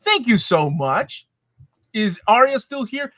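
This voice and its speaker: Man, co-host, live q&a chat, bright, slightly high, joking. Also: very animated, takes it slowly, dry recording, clean studio sound. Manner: joking, chatty, laughs often.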